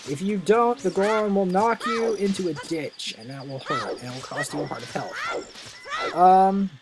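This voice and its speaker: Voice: medium pitch, sing-song, unhurried, a crowd in the background. Tired, rambling game walkthrough narrator. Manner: rambling and offhand, drifting between tips and asides. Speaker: gameplay narrator. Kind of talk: casual game walkthrough commentary. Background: game music.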